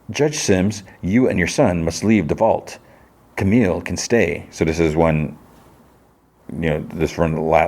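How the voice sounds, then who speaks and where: A man's voice: low-pitched, a little mellow. A man hosting a podcast, recapping a TV episode in a rambling, casual way, full of fillers and quoted dialogue. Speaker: podcast host.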